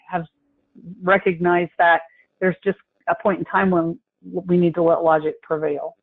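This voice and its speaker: High-voiced man on a tinny line. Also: little pitch movement, no echo. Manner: measured, deliberate explaining. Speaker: healthcare coding consultant. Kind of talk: webinar discussion. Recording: tinny phone-line audio.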